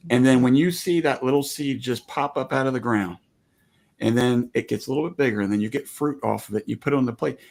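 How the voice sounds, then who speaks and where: Brief: American homesteading dad, earnest and reflective, mid-pitched. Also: male voice, fast talker, vocal fry, a little mellow. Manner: earnest, reflective, faith-minded talk. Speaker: guest homesteader. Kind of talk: casual chat.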